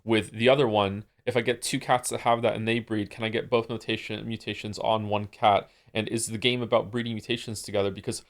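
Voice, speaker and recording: A man with a somewhat low voice chats with his stream audience. He rambles, stacking fillers and restarts as he thinks aloud into a desk microphone. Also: level tone, brisk, few pauses. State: losing his voice. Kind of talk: casual chat with chat.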